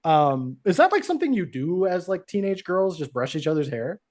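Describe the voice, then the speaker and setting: A man co-hosting a podcast, chatting casually through an episode recap. He keeps slipping into the characters' lines as he tells it. His voice sits a little higher than most men's. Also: brisk. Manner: animated, acts out characters' lines while retelling. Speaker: podcast co-host.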